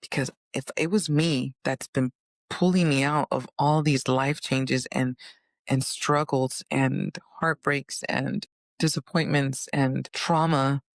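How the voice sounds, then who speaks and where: Earnest woman with a gravelly voice. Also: slow, no room sound, clean studio sound. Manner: earnest, animated, acts out inner voices in higher pitch. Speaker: vlogger. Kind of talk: personal storytelling monologue.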